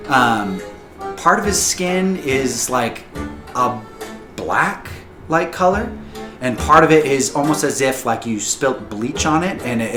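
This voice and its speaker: A man narrating a tabletop game as game master, with frequent fillers and hesitations. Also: mid-range voice. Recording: echoey room, music behind.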